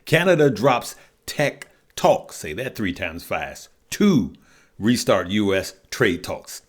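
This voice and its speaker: A man's voice: fairly low pitch, sing-song, slow pace. A man hosting a casual stock market show, upbeat and chatty, drawling "y'all" and "good people" at his viewers. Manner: upbeat, chatty, laughs at the news.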